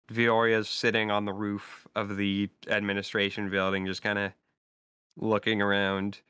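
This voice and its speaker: Slow, low-voiced male game master. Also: sharp tone, clear, resonant tone, dry recording, clean studio sound. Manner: halting, filler-heavy narration. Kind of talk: narrating a tabletop game.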